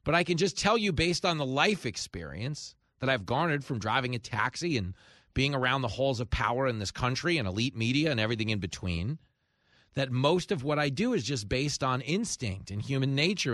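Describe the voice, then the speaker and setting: A man's voice: mid-range voice, animated, fairly quick, a bit bright, dry recording, studio quality. A man hosting a talk radio show, delivering a sarcastic, opinionated monologue full of asides. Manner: sarcastic, riffing with acted-out quotes. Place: radio studio.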